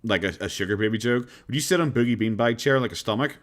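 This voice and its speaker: A man's voice: mid-range voice, fast. Easygoing Irish man streaming. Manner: easygoing and rambling. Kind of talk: casual reaction-stream chat.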